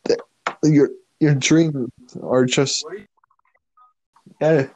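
A man co-hosting a podcast, rambling through casual chat with lots of fillers. His voice is mellow and unhurried. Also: a little high, steady tone, rough recording. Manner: rambling, filler-heavy, laughs often. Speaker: podcast co-host.

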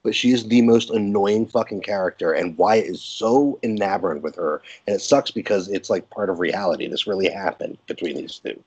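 Deep husky man, blunt and profane. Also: moderate pace, hardly any pauses, a little mellow. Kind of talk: casual movie review chat. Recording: dull lo-fi podcast audio.

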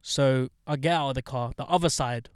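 A young man telling a story in casual chat, animated, swearing and getting heated as he talks. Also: a little fast, clean tone, no echo, studio quality. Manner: animated storyteller, swears, gets heated and high when indignant.

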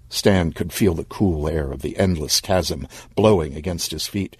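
A man narrating an audio story in a vivid, expressive way. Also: rumbling low, a little slow, hardly any pauses, slightly rough, dry recording.

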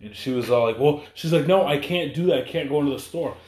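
A man's voice: fairly high pitch, fast talker, darkish tone. A young man in casual podcast chat, telling a profane story and acting out the people in it. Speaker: podcast co-host. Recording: echoey room.

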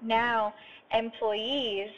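A woman's voice: fairly high pitch, little pitch movement, very slow. A woman hosting a podcast, telling an earnest, heartfelt story in a voice note recorded while driving. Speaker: podcast host and coach. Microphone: phone voice note. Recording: dull lo-fi phone memo with faint road noise. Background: faint driving sounds.

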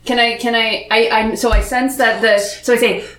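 Brief: female player, high and tentative, echoey noisy room. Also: steady tone, normal speed, fairly bright tone. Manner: hesitant, stumbling restarts. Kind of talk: casual tabletop play. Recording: echoey room with background noise.

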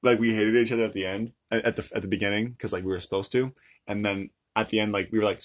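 A man's voice: on the low side, steady tone, fast talker. A young man in casual, playful chat, rambling and laughing often.

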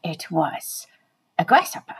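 A woman's voice: on the low side, very animated, measured pace, breathy edge, heavily acted, rough recording. A woman voicing a playful, chatty pet dog, speaking straight to the listeners in a comic monologue.

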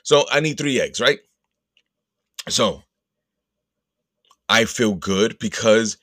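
A man hosting a podcast, telling a rambling, profane comic story and putting on quick voices for the people in it. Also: lowish voice, animated, pushed and bright, no echo, studio quality. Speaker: podcast host. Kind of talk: casual comedic storytelling.

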